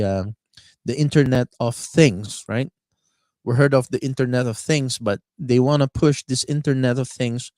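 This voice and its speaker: Halting male live-stream radio host. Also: mid-range voice, darkish tone, no room sound. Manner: halting, many fillers and word searches.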